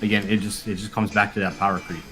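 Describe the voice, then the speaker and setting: A man's voice: on the low side, fairly even intonation, fast, loud music behind the voice. A man appearing as a guest on a live gaming podcast, talking bluntly and profanely with frequent fillers.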